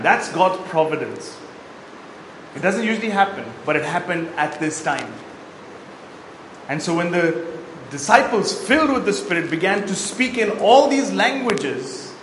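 High-voiced man preaching in an echoey hall. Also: a bit bright, a little hiss or hum. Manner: expository Bible teaching with verse readings and asides. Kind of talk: sermon. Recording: echoey hall, faint ambience.

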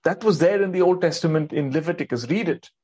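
A man delivers a sermon in a slightly raised, husky voice. He preaches earnestly, asks his listeners questions and repeats lines for emphasis. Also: a little high, fast talker, darkish tone. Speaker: pastor.

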